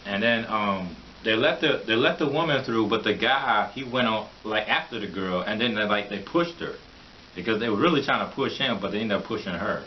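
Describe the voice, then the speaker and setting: A man's voice: fairly low pitch, lively intonation, brisk. A man giving a rambling, opinionated vlog monologue, mocking and laughing often as he talks. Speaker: vlogger. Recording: dull lo-fi recording with faint hiss.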